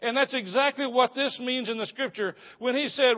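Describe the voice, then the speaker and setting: A man preaching a sermon as a pastor, swinging between loud proclamation and hushed, low confiding. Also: animated, normal speed, few pauses. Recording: muffled sound with long hall reverb.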